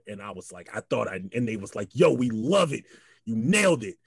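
A young man, a guest comedian, telling a story in a casual chat, animated, laughing often and acting out the voices he quotes. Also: on the low side, fairly quick, husky, no echo.

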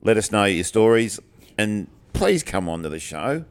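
A man's voice: fairly low pitch, very animated, normal speed. A man in his sixties co-hosting a casual podcast chat, answering in short, laconic replies. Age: 60s. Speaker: podcast co-host.

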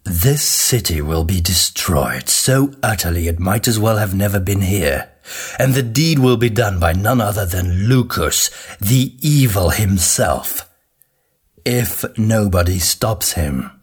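A gravelly, weary witch hunter, as a male narrator gives him voice, speaking very deep and unhurried with a rough, husky edge. He talks slowly and gruffly, coaxing rather than shouting. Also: lively intonation. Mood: calm, persuasive. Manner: low, slow and gruff, quietly persuasive.

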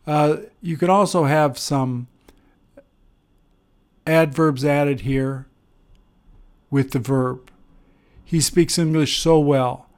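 A man teaching an English grammar lesson, explaining step by step with pauses and fillers. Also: on the high side, steady tone, a little mellow. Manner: slow, deliberate, with pauses and fillers.

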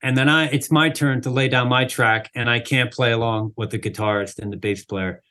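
A man's voice: mid-range voice, normal speed. A man, a drummer, guest on an interview, telling a casual story with lots of "like" and "you know" fillers. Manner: animated, acts out quoted people in the story.

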